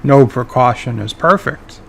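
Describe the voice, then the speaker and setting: A man's voice: medium pitch, a little slow, gravelly, slight background noise. Old starship captain, formal and stiff, kinda irritated, a man doing the voice. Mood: annoyed. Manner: stiff, formal, mildly annoyed. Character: older dignified male starship captain, easily annoyed.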